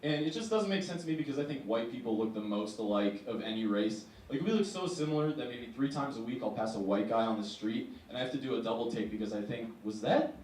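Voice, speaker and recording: A young man performs a stand-up set in a wry, deadpan way, tossing in quick asides. His voice sounds echoey and distant, with a faint hiss underneath. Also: mid-range voice. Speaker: stand-up comedian.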